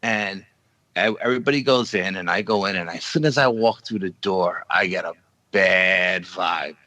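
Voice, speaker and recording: A man's voice: deep voice, normal speed, no room sound, poor audio. A man on a podcast roundtable telling a long dream story, acting out the other people's lines. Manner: animated storytelling with acted-out quotes. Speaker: paranormal investigator guest.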